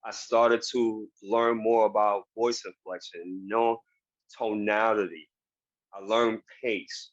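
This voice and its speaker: A man's voice: fairly low pitch, steady tone, slow pace, no room sound. A man speaking earnestly and emphatically as a guest in a motivational interview, recorded over a video call. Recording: dull, dry video call audio.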